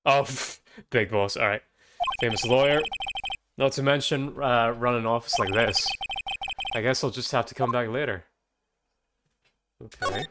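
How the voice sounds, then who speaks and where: A man streaming a game, reading its text aloud in a relaxed, chatty way with dry asides. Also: medium pitch, unhurried, pauses often, heavy background noise. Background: game music.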